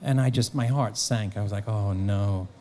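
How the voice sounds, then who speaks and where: A middle-aged man telling an animated anecdote as a guest at a fan press conference. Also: medium pitch, a little fast, slight background noise. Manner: animated storyteller, slips into voices for the people he quotes. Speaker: actor and author guest.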